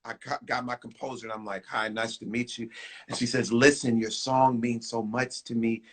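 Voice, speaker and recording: A man from Houston, a singer, telling a lively story in an interview, acting out what people said and breaking into song. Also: mid-range voice, moderate pace. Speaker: guest singer.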